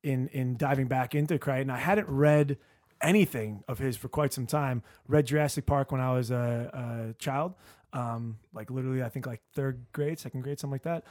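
A man's voice: medium pitch, moderate pace, a little mellow, dry recording, studio quality. A man hosting a casual podcast chat, rambling with many restarts and fillers. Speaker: podcast host.

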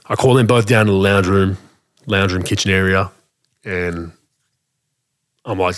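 A man telling a story in a casual way, animated and full of restarts, acting out the dialogue. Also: sits low, moderate pace, long pauses. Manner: animated, acts out quoted dialogue, frequent restarts.

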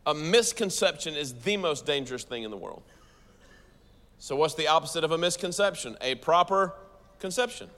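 Fast-talking American pastor in a hall. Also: male voice, on the high side. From United States. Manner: fast, animated preaching with audience asides. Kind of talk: sermon. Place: church hall with audience.

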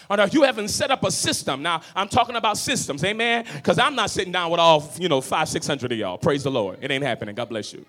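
A man preaching a sermon as pastor of a church, swinging from shouted lines to low, quiet talk. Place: church sanctuary.

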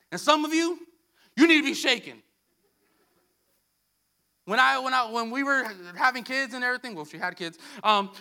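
A man preaching a sermon, emphatic, repeating key phrases and swinging between soft, low passages and loud bursts. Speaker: pastor.

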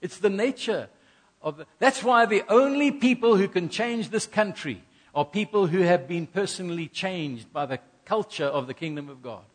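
A man's voice: high voice, expressive, moderate pace. A middle-aged man from South Africa preaching a sermon, earnest, repeating key phrases and acting out little asides. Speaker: pastor.

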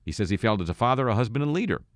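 A man hosting a satirical radio show who reads the news and drops wry, deadpan asides between items. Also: mid-range voice, racing, no echo. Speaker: radio host.

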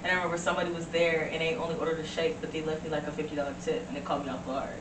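A woman, telling stories in a casual chat and breaking into excited shouts. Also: deep voice, racing. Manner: animated storytelling, bursts into excited shouts. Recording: roomy, distant mic, noisy.

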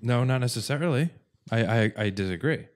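A man's voice: medium pitch, expressive, brisk. A man co-hosting a podcast, musing in a laid-back, philosophical way. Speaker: podcast co-host. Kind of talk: casual chat.

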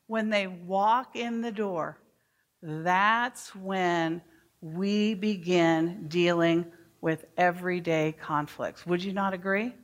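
A woman's voice: lowish voice, fairly bright tone. A woman educator giving a workshop talk to teachers, speaking emphatically and asking the room questions. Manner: emphatic, asks the audience questions.

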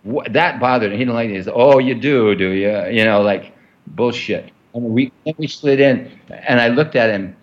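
A man with a medium-pitched voice speaks at a normal speed, and the recording has its high frequencies cut off. He is being interviewed and tells a long, rambling story in conversation, full of fillers and restarts.

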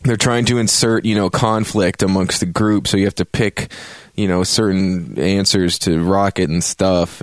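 A man's voice: deep voice, dry recording, clean studio sound. A man hosting a podcast, giving a casual, rambling spoken game review full of swearing and jokey asides. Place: home, drinking a beer on a Saturday.

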